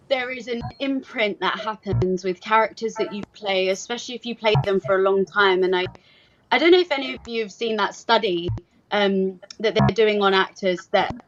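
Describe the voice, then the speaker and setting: A woman actor giving an earnest, reflective panel answer, full of "like" fillers, over a video call. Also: mid-range voice. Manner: earnest, heavy use of "like". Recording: dull lo-fi call with background noise.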